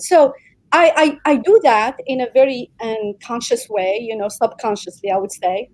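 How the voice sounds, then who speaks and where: Animated woman guest, fairly high voice. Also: normal speed, low-quality recording. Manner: animated, explains with examples and repetition. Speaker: guest, speaker and coach. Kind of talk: conversational interview answer.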